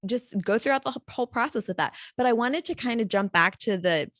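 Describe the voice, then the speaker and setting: A woman guest on a podcast, chatting in a lively, emphatic way and laughing often. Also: fairly high pitch, fairly quick, dry recording. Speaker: podcast guest, mortgage professional. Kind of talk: casual podcast chat.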